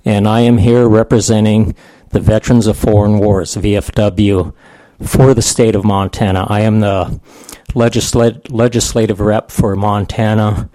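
A man's voice: on the low side, level tone, unhurried, warm tone, dry recording. A man in his sixties, a veterans' advocate giving plain-spoken, folksy testimony at a committee hearing.

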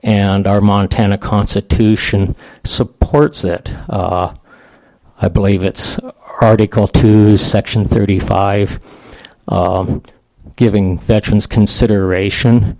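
Slow, low-voiced folksy older man. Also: steady tone, creaky, darkish tone, no room sound. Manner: folksy, plain-spoken. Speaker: veterans' advocate testifying. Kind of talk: committee hearing testimony.

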